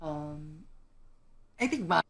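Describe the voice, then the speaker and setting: Young woman co-host, lowish voice, rambling casual talk full of restarts. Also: expressive, takes it slowly, creaky, fairly bright tone, a little hiss or hum. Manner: rambling, many fillers and restarts. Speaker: podcast co-host. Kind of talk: casual chat.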